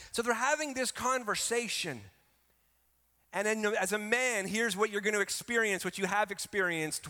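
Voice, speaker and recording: Bright high-voiced preaching man. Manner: emphatic preaching, swings between soft and loud. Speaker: pastor. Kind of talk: sermon. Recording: reverberant hall.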